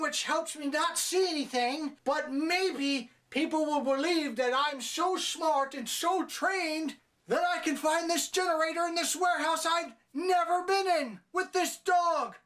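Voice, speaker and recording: A reviewer putting on a mocking, whiny high voice for a gruff old blind man, spoken from away from the mic. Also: fairly bright tone, far from the mic.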